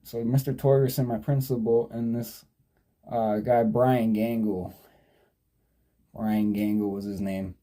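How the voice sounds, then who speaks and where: A man's voice: fairly low pitch, flat delivery, measured pace, long pauses, warm tone. A young man in his twenties vlogging, telling a story in a casual, rambling way, swearing freely and often sidetracking and correcting himself. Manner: digressive, profane, sidetracks and self-corrects.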